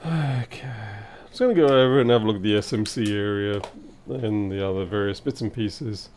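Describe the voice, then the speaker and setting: Man, low voice, slightly hoarse, muttering to himself, casual livestream talk, faint hum behind. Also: normal speed. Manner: muttering, thinking aloud. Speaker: repair technician livestreaming. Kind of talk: casual live-stream commentary while working.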